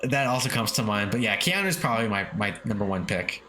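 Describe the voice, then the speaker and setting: Fairly low in pitch yet expressive, this gamer's voice comes out fairly quick, pushed and bright. He streams games, chatting casually, reading out chat, swearing and chuckling often, with faint lofi music in the background.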